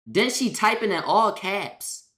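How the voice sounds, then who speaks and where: A woman's voice: medium pitch, very animated, slow, a bit bright. A woman streamer talks straight to her chat in a loose, slangy rant. She is exasperated and keeps circling back to the same points.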